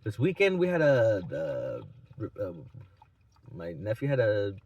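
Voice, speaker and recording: A man's voice: fairly low pitch, huge pitch swings, unhurried, darkish tone, dry recording, highs cut off. Profane rambling young man vlogging. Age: 20s. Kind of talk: casual storytelling vlog.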